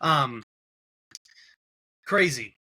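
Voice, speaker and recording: A man's voice: mid-range voice, animated, very slow, bright, forceful tone, breathy edge. A man with a New York accent hosting a casual sports podcast, ranting with heavy profanity. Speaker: podcast host.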